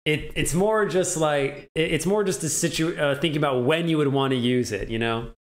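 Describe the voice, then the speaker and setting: A man's voice: a little high, moderate pace. A young man teaching a casual language lesson, chatty and laughing often, acting out example sentences. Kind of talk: casual live-streamed lesson.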